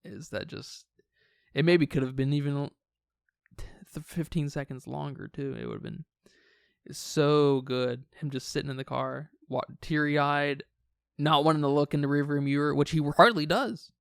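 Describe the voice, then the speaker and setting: A man's voice: on the high side, vocal fry, clear, resonant tone, dry recording. A man co-hosting a podcast, talking through a film in casual chat, often stumbling and restarting his words. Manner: halting, restarts words, relaxed enthusiasm. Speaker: podcast co-host. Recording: dry close recording.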